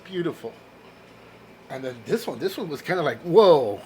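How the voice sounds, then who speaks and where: Showing off a comic book haul in a laid-back vlog, this man sounds enthusiastic, gushing over covers and cracking himself up with his jokes. He talks briskly and expressively in a voice on the high side, over slight background noise.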